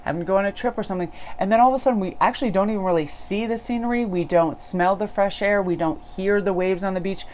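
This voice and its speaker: A woman's voice: medium pitch, quick pace, few pauses, a little mellow, slight background noise. A middle-aged woman, a tarot reader, telling a personal story in an earnest, casual spiritual monologue.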